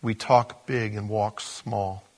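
A man preaching a conversational sermon as a pastor, with animated bursts. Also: lowish voice, slow.

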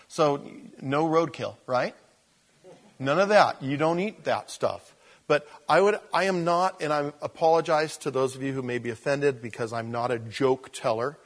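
A man's voice: on the high side, normal speed. A male pastor giving a conversational Bible teaching, folksy and rambling, often correcting himself as he goes.

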